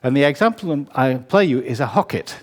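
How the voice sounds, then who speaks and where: A man's voice: medium pitch, lively intonation, fairly quick. UK man, composer's lecture, wry and chatty, hall reverb. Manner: conversational, wry, self-correcting. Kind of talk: public lecture. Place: concert hall.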